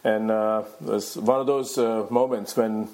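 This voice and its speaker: A man from India hosting a podcast interview, eager and halting, with many fillers. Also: fairly low pitch, fairly even intonation, darkish tone. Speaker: podcast host. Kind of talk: interview questions.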